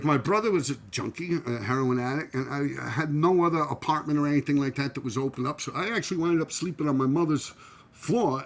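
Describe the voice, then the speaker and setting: A middle-aged New York man tells old neighborhood stories in a loose, streetwise way, with "man" and "yo" in nearly every line. His voice is gravelly and sits a little high for a man. He swears freely and laughs along with his own tales. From New York City. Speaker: channel host and former graffiti writer. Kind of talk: casual storytelling.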